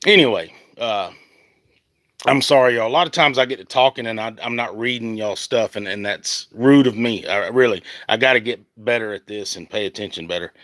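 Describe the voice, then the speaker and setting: A Southern American man talks into his phone outdoors, fired up and rambling, circling back to his point again and again. His voice is bright and forceful, and the sound is dry and close, with no room around it. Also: mid-range voice, no room sound. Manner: rambling, heated, restarts often. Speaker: country singer on a livestream. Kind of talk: casual livestream rant. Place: outdoors in the heat. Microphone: phone at arm's length.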